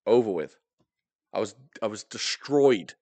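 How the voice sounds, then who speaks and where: Animated man telling a funny story. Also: fairly low pitch, measured pace, no echo. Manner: animated, self-mocking, laughs often, swears. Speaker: podcast co-host. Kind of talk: casual storytelling chat.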